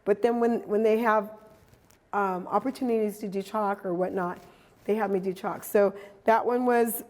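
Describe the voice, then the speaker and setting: A middle-aged woman giving a casual talk about her artwork, animated and acting out quoted dialogue as she tells stories. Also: mid-range voice, moderate pace. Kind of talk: casual presentation.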